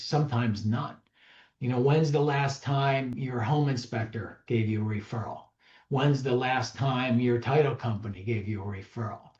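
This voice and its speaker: A man with a medium-pitched, slightly mellow voice, a real estate trainer, gives an emphatic, conversational seminar talk to a live audience and acts out sample dialogues as he teaches. The recording sounds roomy and slightly dull.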